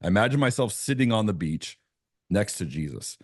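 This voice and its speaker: A man's voice: lowish voice, very animated, fairly quick, slightly rough, no room sound, clean studio sound. A man, a pastor, telling a personal story as a podcast guest, earnest and full of restarts. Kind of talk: conversational podcast interview.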